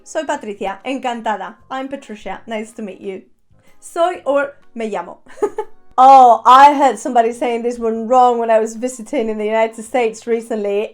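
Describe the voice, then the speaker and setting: High, lively, playful woman teaching. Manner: playful, theatrical, laughs often. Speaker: Spanish teacher. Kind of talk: online language lesson.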